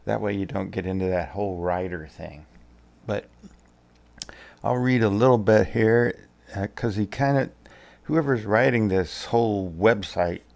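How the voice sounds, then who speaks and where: A man's voice: fairly low pitch, creaky, darkish tone. A man in his sixties, a tarot reader chatting on a casual vlog at home, rambling and easygoing as he thinks aloud.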